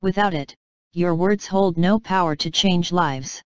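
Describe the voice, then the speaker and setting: A gentle, tender heavenly father speaks with deep love in a calm, smooth voice, as a woman reads him in her own lowish tone. The lines come softly and without hurry, in a close, dry audiobook sound. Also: a little slow, no room sound, close to an everyday voice. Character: tender fatherly God, male, gentle and loving.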